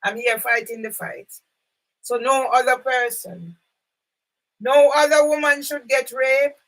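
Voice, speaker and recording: An older woman speaking from home in an impassioned, rambling monologue to camera, at times breaking into loud outbursts. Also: high-pitched, steady tone, measured pace. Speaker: vlogger. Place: sitting at home. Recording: voice a bit far from the mic.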